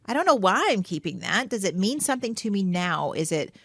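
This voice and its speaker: A woman talks on a podcast about coping and feelings, her pitch moving up and down a lot as she makes her points. The mic sits close and the room sounds dry, with no echo at all. She keeps it casual and heartfelt, with many filler phrases. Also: a little fast, vocal fry. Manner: animated and earnest, many "you know"s and "like"s. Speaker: podcast co-host. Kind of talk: casual mental health chat.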